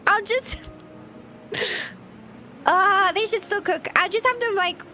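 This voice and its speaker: A woman's voice: very high-pitched, slow pace, sharp tone, soft background music. A woman streaming herself cooking, chatting flustered and giggly to her viewers. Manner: giggly, flustered, talks to chat while cooking. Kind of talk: casual livestream chat.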